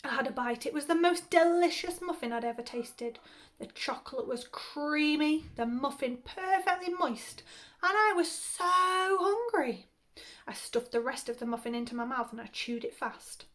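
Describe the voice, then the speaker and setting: Brief: a teacher reading a comic children's story aloud, high-voiced and playful. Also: female voice, normal speed. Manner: animated, playful comic timing. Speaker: primary school teacher.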